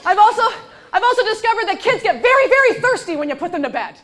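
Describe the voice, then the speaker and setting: High-voiced woman doing sarcastic stand-up. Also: quick pace, some chatter behind, slight background noise. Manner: sarcastic, punchy delivery with deadpan asides. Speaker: stand-up comedian. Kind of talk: stand-up comedy set. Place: comedy stage before a live audience. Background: audience laughter.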